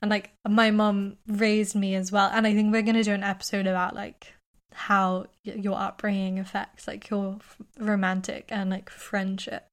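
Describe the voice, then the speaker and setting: A British woman in her twenties, a podcast co-host chatting casually, full of "like" and quick laughs. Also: medium pitch, level tone. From Britain. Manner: chatty, laughs often, many likes. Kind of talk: casual chat.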